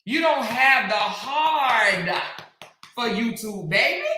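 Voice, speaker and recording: A woman's voice: fairly high pitch, sing-song. Taunting woman ranting in an echoey room. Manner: taunting, scolding, drawn-out emphatic delivery, bursts of shouting. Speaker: commentary channel host. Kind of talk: heated commentary rant.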